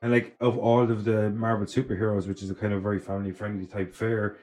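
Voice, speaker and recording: A man's voice: on the low side, flat delivery, fast, a little mellow. A man co-hosting a casual film podcast, emphatic and profane, full of likes and you-knows. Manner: profane, emphatic, lots of fillers. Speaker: podcast co-host. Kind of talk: casual film review chat. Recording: roomy sound with faint music.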